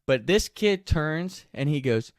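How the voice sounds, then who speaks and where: A man casually telling a story, animated and profane, often laughing as he talks. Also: fairly high pitch, measured pace, no echo, clean studio sound.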